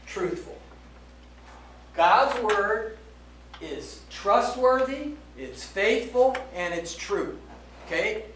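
High-voiced preacher in an echoey hall. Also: male voice, expressive, fairly bright tone, a little hiss or hum. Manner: emphatic, frequent "okay?" check-ins, slows down to stress key words. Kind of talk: sermon. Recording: roomy echo, voice from a distance, faint background ambience.

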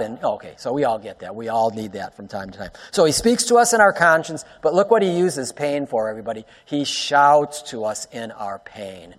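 A man's voice: mid-range voice, animated, moderate pace, hardly any pauses. Preaching man in a reverberant hall. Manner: swings between loud emphatic and hushed soft delivery; talks directly to the congregation, asks rhetorical questions. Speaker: pastor. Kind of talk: sermon.

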